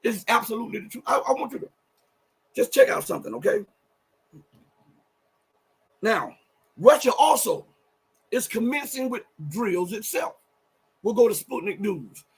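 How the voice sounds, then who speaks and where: A high-voiced man with a husky edge hosts live political commentary. He speaks emphatically and pushes his voice to near-shouting for stress. Between those peaks he rambles and corrects himself as he goes. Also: big pitch swings, normal speed, long pauses. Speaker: show host.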